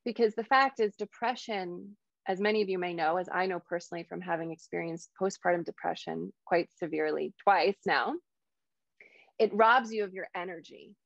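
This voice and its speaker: A woman's voice: on the low side, steady tone, moderate pace, vocal fry, no room sound, highs cut off. A woman in her thirties, a hypnotherapist, telling a personal story as a guest speaker and acting out the lines she quotes. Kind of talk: storytelling talk on a video call.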